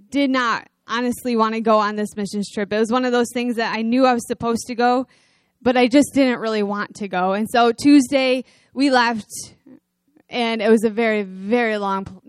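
A middle-aged woman giving a chatty, animated church testimony, telling a story with fillers and laughs. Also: a little high, normal speed, dry recording. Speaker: mission team member sharing testimony.

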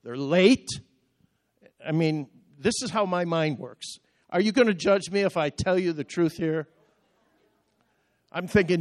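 An older man delivering a sermon, with a voice pitched a bit high for a man. He tells personal stories in a plain way, dropping low and quiet and then rising into sudden loud outbursts. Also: unhurried, pauses often, no echo, clean studio sound. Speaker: pastor.

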